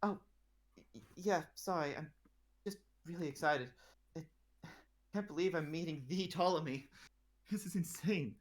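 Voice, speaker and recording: A man voicing an awestruck, excitable teenage boy who stammers nervously and eagerly. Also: on the high side, moderate pace, pauses often, pitched above the performer's own voice, natural voice.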